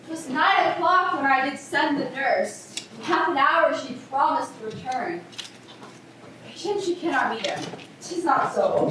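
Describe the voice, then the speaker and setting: A woman's voice: on the high side, a bit bright, a little hiss or hum. A young woman playing an impatient lovestruck girl. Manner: eager, pleading. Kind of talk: stage play performance. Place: theater stage. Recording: echoey hall from far off, faint ambience.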